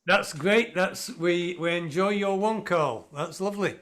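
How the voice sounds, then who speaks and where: A jovial man with a high voice hosts a folk club session on a video call. He moves from one performer to the next briskly. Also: a bit bright.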